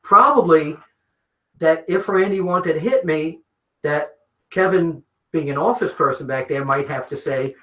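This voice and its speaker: An older man tells a long story with lively energy, his voice sitting fairly high for a man. He curses freely as he goes. The room around him is echoey. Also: measured pace. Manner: animated storyteller, swears freely. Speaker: interview guest, wrestling journalist. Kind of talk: shoot interview storytelling. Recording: roomy echo.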